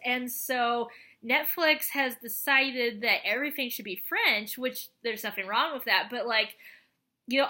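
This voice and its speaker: A young woman chatting casually in a review vlog, animated and full of fillers, often acting out her own reactions. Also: fairly high pitch. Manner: chatty, animated, lots of fillers and acted quotes. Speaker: show reviewer.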